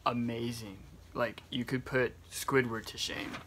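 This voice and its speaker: A man's voice: medium pitch, steady tone, a little slow, background noise. A young man making casual, giggly phone calls for a video, laughing often and gushing with affection. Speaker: YouTuber making prank calls.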